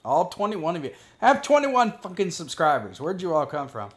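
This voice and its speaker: A man's voice: fairly high pitch, very animated, fairly quick. A man giving casual, profane gameplay commentary as a gaming video creator, joking and talking to himself as he plays.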